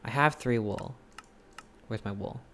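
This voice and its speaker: A streamer chatting with viewers while playing a game live, thinking aloud in hesitant questions and gasping in excitement at each new find. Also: mid-range voice, unhurried, slight background noise. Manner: excitable, gasping and exclaiming at discoveries.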